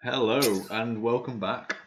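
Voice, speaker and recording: A man's voice: mid-range voice, steady tone, a little slow, fairly bright tone, slight background noise. A man hosting a casual podcast, swearing freely and laughing easily. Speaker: podcast host. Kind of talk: casual chat.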